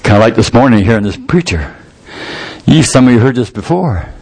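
A man preaching a sermon, telling a scripture story with lively, acted-out scenes. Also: mid-range voice, brisk. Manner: animated storytelling, acting out scenes.

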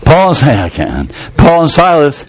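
A man's voice: fairly high pitch, huge pitch swings, normal speed. An older man preaching a sermon, retelling scripture in a folksy, colloquial way with rising fervor.

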